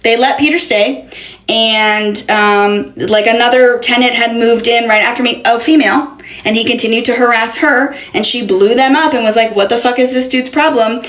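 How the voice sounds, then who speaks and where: A woman's voice: a little high, steady tone, moderate pace, a bit bright. A young woman telling an exasperated, profanity-laced story in a casual storytime. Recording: roomy echo.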